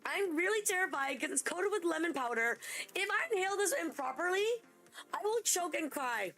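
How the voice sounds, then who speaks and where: A young woman hosting a live game stream, chatting excitably and gushing thanks to her viewers. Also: extremely high pitch, moderate pace, faint music behind. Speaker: livestream host. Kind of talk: casual live-stream chat.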